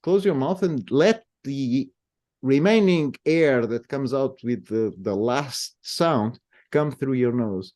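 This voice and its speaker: A man with a Portuguese accent, a native speaker of Portuguese, explains pronunciation in English. His voice is warm and mellow at an average pitch. He talks patiently and slows down to sound words out. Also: lively intonation. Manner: patient, demonstrates sounds slowly. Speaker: language guest explaining pronunciation. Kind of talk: explanatory conversation.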